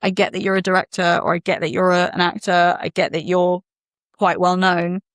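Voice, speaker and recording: A woman's voice: on the low side, fairly quick, no echo. A middle-aged woman, an actor and filmmaker, chatting on a podcast and acting out the people in her stories. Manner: animated storytelling, acting out quoted voices. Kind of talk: casual podcast conversation.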